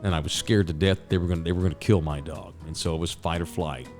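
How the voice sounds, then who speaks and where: A man's voice: low-pitched, steady tone, fast, darkish tone, soft background music. A middle-aged man telling a story as a host, casual, rambling and profane, with sound effects.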